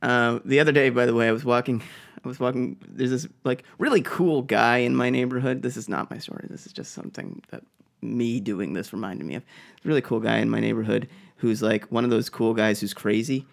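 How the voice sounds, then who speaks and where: A man's voice: mid-range voice, fairly quick, creaky. A man from Boston co-hosting a podcast, telling a rambling story with lots of "like" and "um" in casual chat. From Boston, USA. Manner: rambling, hesitant, full of "like" and "um". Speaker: podcast co-host.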